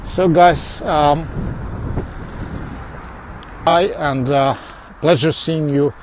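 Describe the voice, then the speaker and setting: A man's voice: fairly high pitch, fairly even intonation, drawn-out words. Chatty foreign-accented man on a street walk. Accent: mixed foreign accent in English. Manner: chatty, answers viewers as he goes, with small laughs and restarts. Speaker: livestreamer. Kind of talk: casual walking livestream chat. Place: outdoors on suburban streets. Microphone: phone carried while walking. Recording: outdoor street noise with passing traffic.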